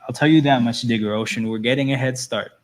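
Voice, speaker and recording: A man's voice: medium pitch, fairly even intonation, quick pace. Casual male livestream host, loose and chatty, mid-range voice. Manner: loose, chatty, reads and answers chat.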